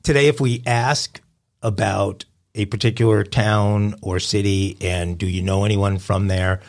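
Homme grave et éraillé, co-animateur de podcast. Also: male voice, lowish voice, fairly even intonation, a little slow. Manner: rambling, hesitant, joking. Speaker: co-host. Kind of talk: casual podcast banter.

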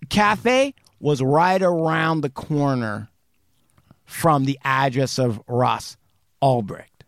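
A man hosting a podcast, telling a true crime story casually and acting out the quotes with sudden jumps in pitch and some swearing. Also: a bit bright, no room sound, studio quality. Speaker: podcast host.

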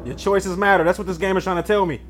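A man from Detroit, giving joking, animated commentary while playing a video game. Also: high-pitched, quick pace, soft background music. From Detroit, USA. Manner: animated, joking, loud banter at the screen. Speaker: gaming video host. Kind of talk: gameplay commentary.

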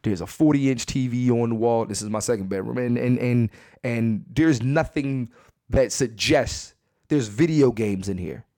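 A man of middle pitch tells comic stories on his podcast, profane and animated, hammering lines through repetition. He records in a bedroom at home with a dry, close sound and no room echo. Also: a little slow. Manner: profane, animated, repeats himself for emphasis. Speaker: podcast host. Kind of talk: comedic storytelling monologue.

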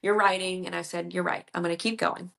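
A young woman, chatting in an interview as a debut novelist and retelling conversations in a lively, rambling way. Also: lowish voice, brisk, creaky. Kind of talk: casual interview chat.

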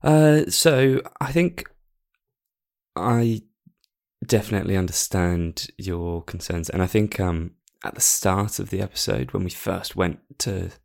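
A man's voice: low-pitched, measured pace, gravelly. A man co-hosting a podcast, talking casually and hesitantly with lots of fillers. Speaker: podcast co-host. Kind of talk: casual chat.

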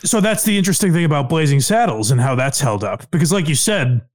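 Animated man with a lively voice. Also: on the high side, quick pace, no echo, studio quality. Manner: laughs often, swears, animated. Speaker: podcast host. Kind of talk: casual chat.

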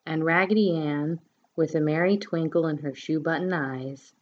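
Low-voiced woman signing off a story show. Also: fairly even intonation, moderate pace, muffled recording. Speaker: show host.

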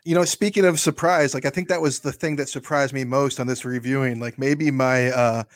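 A man's voice: mid-range voice, fairly even intonation, brisk, no room sound. A man co-hosting a casual film discussion podcast, chatty and loose, with frequent restarts and casual swearing. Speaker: podcast co-host.

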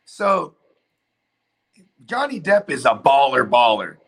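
A man's voice: medium pitch, very animated, slow pace, vocal fry, a crowd in the background. A man hosting a casual chat, telling a long story loosely with lots of fillers and swearing. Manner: rambling storyteller, heavy filler and profanity.

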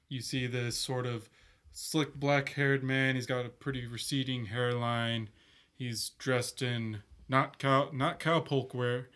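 A man's voice: mid-range voice, a bit bright. Male game master, loose and chatty, narrates with lots of filler. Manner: casual, rambling, many fillers.

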